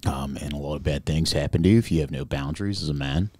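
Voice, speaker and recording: A man voicing a blokey Australian ex-convict as a mock podcast host, with an Australian accent, deadpan and halting. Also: rumbling low, voice pushed down.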